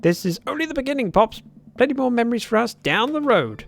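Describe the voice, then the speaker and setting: A man reading a sarcastic but loving teenage daughter aloud while playing a game, with lively, animated delivery. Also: very high voice, quick pace, creaky, voice pushed up, heavily acted. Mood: tender.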